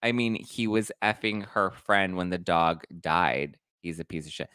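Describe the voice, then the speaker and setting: A man hosting a casual live stream, reading viewer comments aloud with animated mock outrage. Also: sits low, unhurried, smooth, no echo, clean studio sound. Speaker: host reading live chat.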